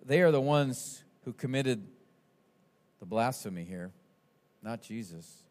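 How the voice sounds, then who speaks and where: A man preaching an expository sermon, animated and swinging from quiet asides to shouted quotes. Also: mid-range voice, slow pace. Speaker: pastor.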